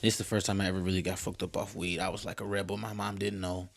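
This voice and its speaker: A man's voice: deep voice, little pitch movement, fast, gravelly. A young man co-hosting a podcast, talking earnestly in casual chat with many restarts. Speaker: podcast co-host.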